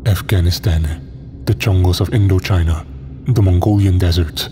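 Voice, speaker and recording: Homem fazendo um cultista sinistro de voz grave e monótona. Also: male voice, lightly acted. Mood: calm menace. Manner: slow, deep and monotone, preaching. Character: deep-voiced monotone male cultist, calm and zealous. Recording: long hall reverb with faint noise.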